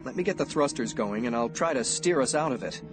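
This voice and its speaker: A man's voice: mid-range voice, animated, fairly quick, natural voice. A reader voicing a worried grown man who stammers, in an audiobook, over background music. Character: shaken adult male scientist uncle. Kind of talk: audiobook character voice. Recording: music bed under voice.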